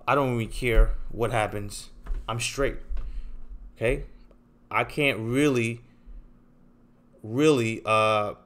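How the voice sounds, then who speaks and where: A man's voice: medium pitch, fairly bright tone. A man hosting a trading channel, talking straight to his viewers in an unscripted, confrontational rant and tagging his points with "okay?" and "right?". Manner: emphatic and confrontational, repeats tag questions like okay and right.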